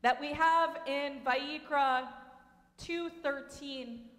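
A woman rabbi preaches from a synagogue sanctuary, her high voice unhurried and lyrical. The room is roomy, with a long reverb tail behind every phrase. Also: fairly even intonation, a bit bright. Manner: storytelling, measured and lyrical. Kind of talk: sermon.

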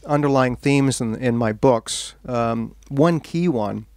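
A man's voice: medium pitch, slow, no room sound. Man telling a story to a crowd. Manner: animated anecdote-telling, laughing at his own story. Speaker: author at a bookstore talk. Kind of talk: storytelling talk to an audience. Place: bookstore event room.

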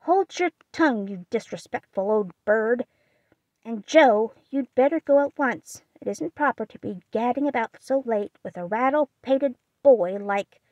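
A woman voicing a gruff, sharp-tongued rich old aunt who scolds, in a storybook reading. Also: a little high, expressive, a little slow, no room sound, lo-fi sound.

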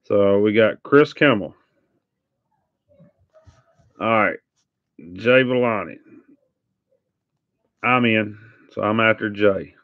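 A man's voice: lowish voice, slow, pauses often, no room sound. A man hosting a live trading card break, chatting casually and teasing viewers with sing-song hype calls. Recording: dull lo-fi stream audio.

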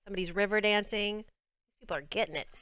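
Talking fast at medium pitch, a young Southern US woman bubbles through casual chat with her viewers as she plays on a game livestream. Her tone is fairly bright and clean, and the recording is dry.

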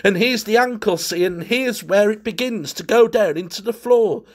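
A man voicing a panicked gentleman who speaks loudly, rapidly and frantically as he tears at a dead man's shoes. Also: sits high, pitched above the performer's own voice. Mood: frantic.

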